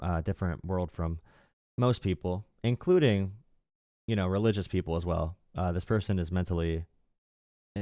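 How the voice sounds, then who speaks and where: A man's voice: deep voice, darkish tone, no echo, studio quality. A young man hosting a political livestream, talking casually with a sarcastic, mocking tone and frequent laughs. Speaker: political streamer and call-in show host.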